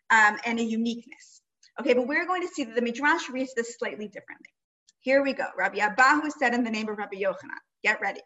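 A woman with a slightly high voice leads a study lesson, walking her listeners through a passage and often pausing to ask "right?". The recording is muffled and lo-fi. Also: fairly bright tone. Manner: explanatory, checks in with frequent "right?". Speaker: Torah teacher.

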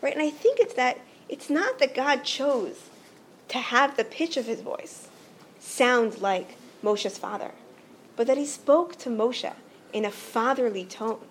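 Earnest high-voiced woman teacher. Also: lively intonation, measured pace, a little hiss or hum. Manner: earnest, explanatory, frequent "right?" check-ins. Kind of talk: religious teaching talk.

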